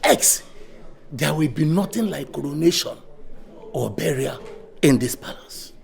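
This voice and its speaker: A man's voice: fairly high pitch, animated, a little slow, creaky, darkish tone, heavily acted. A man playing a stern elder of the royal council who questions and demands, formal and commanding, with a Nigerian accent. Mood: grave.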